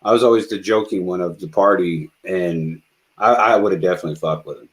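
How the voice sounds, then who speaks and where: A man, an army veteran, hosting a casual podcast chat in a relaxed, profane way with halting restarts. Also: deep voice.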